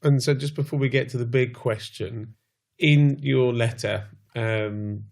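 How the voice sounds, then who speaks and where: A man's voice: medium pitch, a little slow, gravelly, darkish tone. A man hosting a podcast, asking long, searching questions. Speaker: podcast host. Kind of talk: interview questions.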